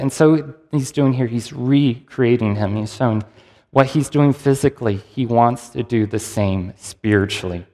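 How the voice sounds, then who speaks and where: Conversational male preacher in a reverberant hall. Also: mid-range voice. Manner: conversational, lively storytelling with acted-out quotes. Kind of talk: sermon.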